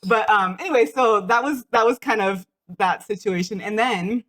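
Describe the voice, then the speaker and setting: A woman co-hosting a craft podcast, telling a story in a chatty way with quick asides and frequent laughter. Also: mid-range voice, a bit bright. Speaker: podcast co-host. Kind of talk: casual chat.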